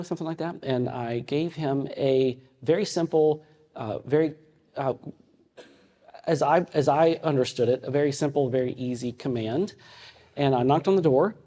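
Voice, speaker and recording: A man in his fifties teaching a ministry audience in a conversational way, telling personal stories with frequent halting restarts. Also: medium pitch, mellow. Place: meeting room with an audience. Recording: long hall reverb.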